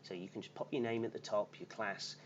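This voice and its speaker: A man's voice: fairly low pitch, fairly even intonation, fairly quick, lo-fi sound, a little hiss or hum. A man teaching an English lesson on a live stream, often checking in with his class by asking "okay?" and "yeah?".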